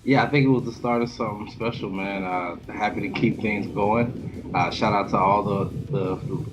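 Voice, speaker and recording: A man co-hosting a sports podcast, giving measured football analysis with frequent fillers. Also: fairly low pitch, steady tone, over loud music. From Orlando, Florida. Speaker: podcast co-host. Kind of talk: casual sports analysis chat.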